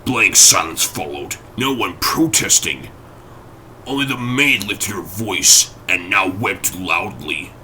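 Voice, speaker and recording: A man narrating an audiobook in a dramatic, expressive reading. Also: sits low, takes it slowly, a little hiss or hum, rough recording.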